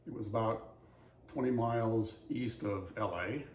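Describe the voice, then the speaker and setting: A man's voice: fairly low pitch, measured pace, darkish tone, slight background noise. Older Californian man, roomy echoey sound. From Southern California. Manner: easygoing, anecdotal, wry. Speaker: voice-over actor auditioning. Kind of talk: casual storytelling and read-aloud passage.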